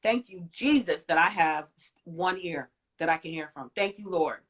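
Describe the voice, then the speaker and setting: A woman in her forties, a guest in an interview, telling a personal story in an emphatic way, swinging from loud to soft. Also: lowish voice, moderate pace, husky.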